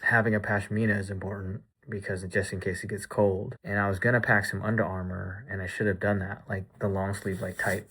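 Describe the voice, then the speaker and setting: A man's voice: on the low side, little pitch movement, brisk, hardly any pauses, a bit bright, slightly rough. A man chatting casually in a recap vlog, rambling with lots of "like" and "you know". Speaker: vlogger.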